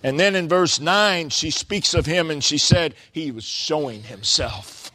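A man preaching a sermon, quoting scripture slowly and building to loud, stretched-out exclamations. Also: fairly high pitch. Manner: slow, deliberate preaching with quoted scripture.

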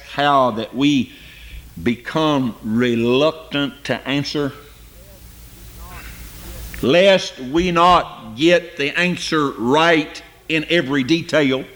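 Male preacher, high and bright tone, deliberate pace, emphatic on scripture. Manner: slow, rising to high emphatic peaks on scripture; drops low and quiet on asides. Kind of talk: sermon.

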